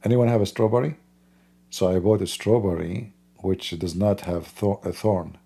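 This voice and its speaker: A man's voice: lowish voice, steady tone, normal speed, dark tone, breathy edge. A man hosting a livestream, talking in a mocking, sarcastic way. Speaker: host. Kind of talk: livestream commentary.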